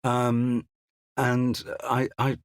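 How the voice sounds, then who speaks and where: A man's voice: mid-range voice, monotone, extremely slow, clean tone, no room sound. An older English man, a crime novelist, chatting as a studio guest with a hesitant, self-deprecating manner full of restarts and asides. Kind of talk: casual interview chat. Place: recording studio.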